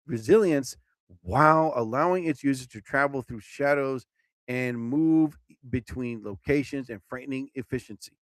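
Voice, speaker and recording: A man hosting a casual live stream who reads a list aloud and keeps interrupting himself with excited, jokey asides. His voice sits a little high and swings up and down a lot. The sound is close and dry. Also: no echo. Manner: excitable, rambling, jokey, stumbles over words.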